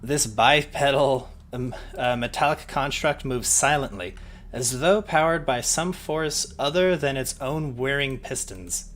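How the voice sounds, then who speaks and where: A man running a tabletop game, narrating scenes casually. He rambles a little and drops fillers as he goes. His voice sits at an average pitch. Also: a little slow, a bit bright. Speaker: game master.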